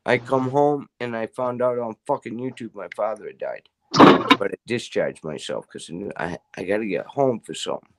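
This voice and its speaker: A man's voice: medium pitch, a little hiss or hum. A middle-aged man in casual chat, telling rambling stories full of swearing. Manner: profane, rambling storyteller.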